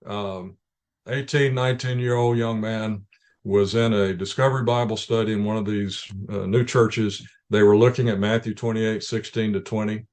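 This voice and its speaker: An earnest man with a somewhat low voice answers interview questions at length. He explains patiently, often restarting his sentences as he builds his point. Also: steady tone, normal speed, darkish tone. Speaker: ministry leader, interview guest.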